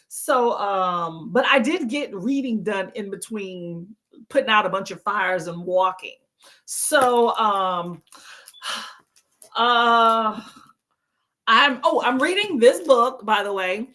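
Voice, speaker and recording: A woman's voice: medium pitch, a bit bright. A tired woman hosting a casual reading livestream, chatty and laughing often as she greets her chat. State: tired from no sleep. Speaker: livestream book club host.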